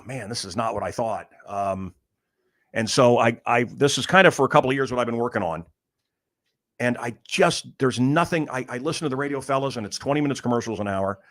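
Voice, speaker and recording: Middle-aged male podcast host, bright tone, rambling and animated, acts out quotes. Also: mid-range voice. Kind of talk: casual storytelling chat. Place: room in a house.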